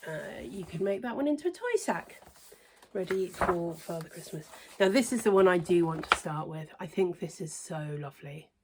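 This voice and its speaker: A woman reviewing cross stitch books in a casual, hesitant way, trailing into quiet near-whispered asides. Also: lowish voice, expressive, moderate pace, noisy background. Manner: chatty, hesitant with many ums, softens to near-whisper asides. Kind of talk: casual show-and-tell review.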